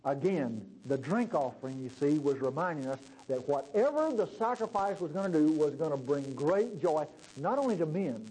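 Lively high-voiced man preaching. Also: low-quality recording. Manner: conversational, asks the congregation questions. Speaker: pastor. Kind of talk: sermon.

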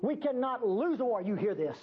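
Older woman preaching with lively swings. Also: fairly quick. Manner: emphatic, folksy and teasing, with lively pitch swings. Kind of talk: sermon. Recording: dull lo-fi recording.

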